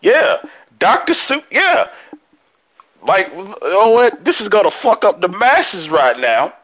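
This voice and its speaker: A fairly high-voiced man co-hosting a casual podcast, talking in an excitable, profane rush. He laughs easily and swears freely as he rants to his co-host and listeners. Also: takes it slowly, low-quality recording.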